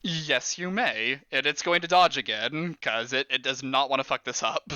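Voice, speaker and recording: Man, game master, very bright tense voice, dry sound, casual rules talk. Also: medium pitch, normal speed, smooth, dry recording. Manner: rule-explaining, laughing often. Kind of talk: running a tabletop horror game, casual.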